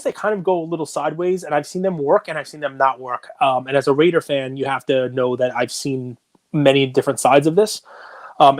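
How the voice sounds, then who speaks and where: A man co-hosting a sports card podcast in casual, animated chat that rambles on in long runs. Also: medium pitch, dry recording. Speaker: podcast co-host.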